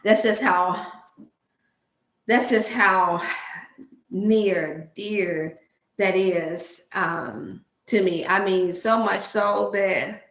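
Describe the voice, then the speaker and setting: A woman hosting a wellness livestream in casual Black dialect, talking to her viewers like family with emotional, preachy warmth. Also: mid-range voice, extremely slow. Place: home room. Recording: roomy echo.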